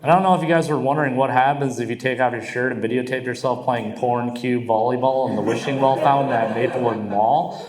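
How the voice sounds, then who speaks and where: A young man doing crude, animated stand-up storytelling on stage. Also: medium pitch, a little fast, crowd noise. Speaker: stand-up comedian. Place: comedy club stage. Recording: roomy club sound. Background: audience laughter.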